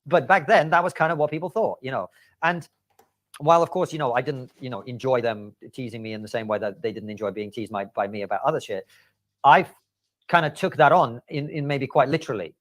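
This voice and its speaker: Fast-talking man. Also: medium pitch, a bit bright, no room sound. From Soviet Union. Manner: fast, earnest recounting with frequent fillers. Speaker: podcast guest. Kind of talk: interview clip, storytelling.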